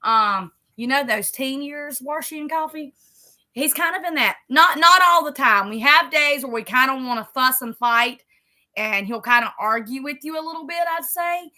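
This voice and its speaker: A woman's voice: sits high, expressive, moderate pace, pushed and bright. A middle-aged woman, chatting casually and rambling as she decorates a planner for her vlog. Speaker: vlogger.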